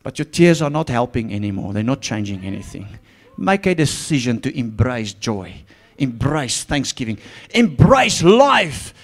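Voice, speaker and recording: A man preaching a sermon to a congregation in church, fervent, swinging from hushed to shouted and repeating his phrases. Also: mid-range voice, expressive, moderate pace. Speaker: pastor.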